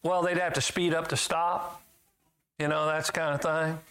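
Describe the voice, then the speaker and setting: A man's voice: steady tone, moderate pace. Folksy, emphatic man preaching a sermon. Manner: folksy, emphatic, swinging between loud highs and low asides.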